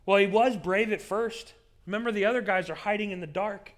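A man's voice: high-pitched, brisk. A male pastor preaching a sermon from a stage, telling the story in an earnest, dramatic way. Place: stage with pulpit.

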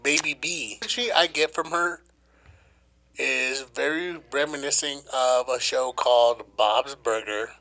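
A man's voice: mid-range voice, fairly even intonation, takes it slowly, sharp tone. A man in his thirties co-hosting a podcast, chatting casually in a rambling, slangy, profane way. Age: 30s. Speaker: podcast co-host. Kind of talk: casual chat.

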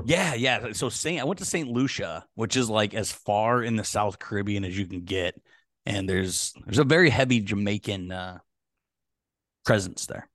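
Male podcast co-host, lowish voice, dry close sound, laid-back jokes. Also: normal speed, fairly bright tone, no room sound. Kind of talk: casual sports podcast chat.

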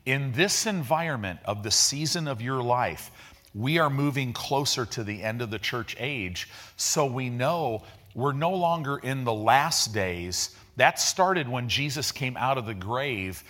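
A pastor delivering a sermon in an easygoing, chatty manner, mixing slang into his teaching. He often slows down to stress a point, then speeds into excited bursts. His voice sits at an ordinary middle pitch for a man. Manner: conversational preaching with slang and vivid retellings.

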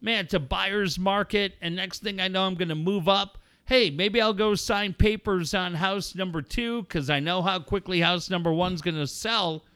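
Brash, bright-voiced man talking fast. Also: sits high, clean tone. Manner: brash, profane, emphatic. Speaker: co-host. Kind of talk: casual radio banter with a read ad.

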